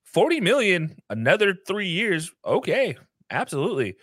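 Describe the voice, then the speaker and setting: Man, sports co-host, opinionated and emphatic, lively pitch, dry close sound. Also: moderate pace, no room sound. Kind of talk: casual sports talk.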